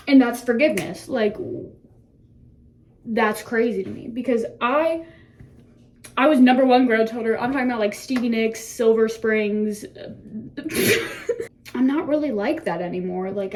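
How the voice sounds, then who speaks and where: A seventeen-year-old young woman talks straight into her phone in a bathroom, rambling and chatty. Her voice sits a bit high, and she laughs and swears easily as she thinks out loud. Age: teens. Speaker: vlogger. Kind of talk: casual self-reflection chat to camera. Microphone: phone camera.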